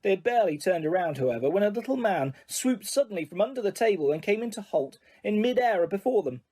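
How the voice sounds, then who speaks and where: A man reading an audiobook aloud in steady storytelling, with small slips. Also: high-pitched, quick pace, husky. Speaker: audiobook narrator. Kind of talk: audiobook narration.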